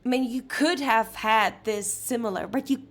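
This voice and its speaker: A woman hosting a podcast interview, listening attentively with soft backchannels and casual reflections. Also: on the high side, normal speed. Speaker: podcast host.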